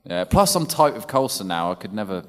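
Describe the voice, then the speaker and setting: A man's voice: lowish voice, sing-song. Joking young man in a reverberant hall. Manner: jokey, quick banter. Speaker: actor panelist. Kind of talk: convention panel Q&A. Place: convention panel hall.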